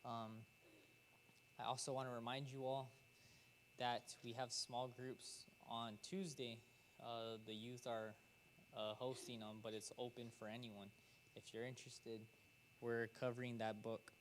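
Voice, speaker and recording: A man's voice: medium pitch, little pitch movement, measured pace, slight background noise. A man giving casual church announcements in a hesitant way, often stopping with fillers and restarts. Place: church sanctuary.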